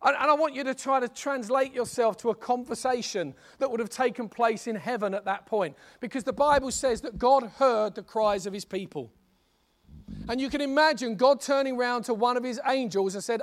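A man preaching a sermon in an animated, conversational storytelling manner. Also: very high-pitched, normal speed.

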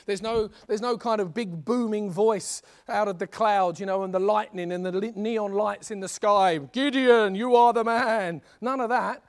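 A preacher delivers a sermon in an animated, conversational way, like telling a story. His voice sits high for a man. He moves freely between asides and direct appeals to his listeners. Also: normal speed, few pauses.

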